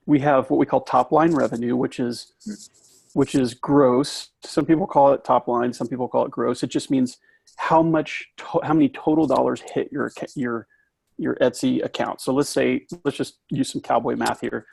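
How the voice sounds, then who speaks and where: Gravelly-voiced man coaching on money. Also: mid-range voice, fairly even intonation, a little mellow, no room sound. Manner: halting, many restarts, explains step by step. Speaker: business coach interviewing a maker. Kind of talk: casual coaching conversation.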